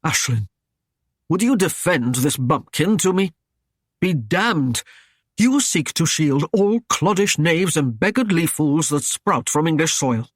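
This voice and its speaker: A man reading an audiobook, voicing a stern and proud Norman knight who speaks in a gruff, commanding way. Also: on the high side, lively intonation, slow pace, no room sound, clean studio sound. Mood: gruff annoyed. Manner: gruff, commanding, dryly mocking.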